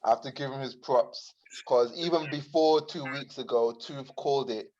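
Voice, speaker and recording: A man recounting a story in a relaxed football podcast chat, with many "you know" fillers. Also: mid-range voice, moderate pace, highs cut off. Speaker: podcast co-host.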